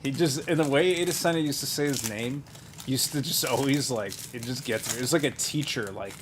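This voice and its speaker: A man in a relaxed, offhand running commentary, calling out names as he goes and wandering into side stories. His voice sits at an ordinary middle pitch. A faint hum of room noise sits behind him. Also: brisk. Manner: rambling and offhand, trailing into asides and chuckles. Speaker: card breaker. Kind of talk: casual running commentary while opening card packs.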